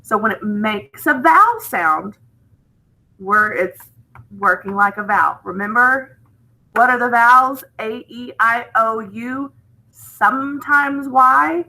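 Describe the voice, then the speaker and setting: A woman with a slightly high, sharp voice teaches an online phonics lesson to children, heard on a low-quality recording. She patiently sounds out letters and words slowly and clearly, checking in with "okay?"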